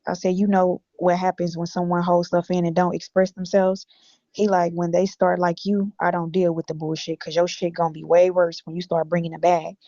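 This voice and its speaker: A woman's voice: fairly low pitch, level tone, a little fast, dark tone, dry recording. A woman from Illinois bluntly reading her text messages aloud on a stream, with a lot of profanity. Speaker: guest recounting text messages. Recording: dull lo-fi audio.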